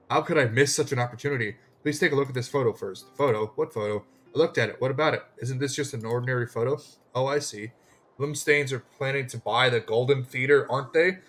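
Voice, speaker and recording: A man reading the lines of a scheming, fast-selling woman property agent from a game in his own everyday voice. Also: mid-range voice, fairly bright tone, a little hiss or hum, natural voice. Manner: plain read-aloud, no put-on voice.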